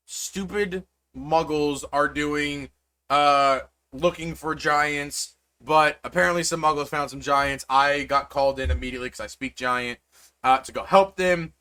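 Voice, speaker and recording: A man voicing an overworked witch mother who stammers through hurried apologies. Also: medium pitch, sharp tone, clean tone. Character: frantic middle-aged witch mother, overworked.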